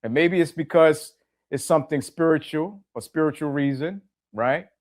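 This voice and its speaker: A man's voice: a little high, normal speed. A middle-aged man hosting a podcast, talking plainly to his listeners, repeating key phrases for emphasis and asking them direct questions. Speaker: podcast host. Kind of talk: reflective monologue to listeners.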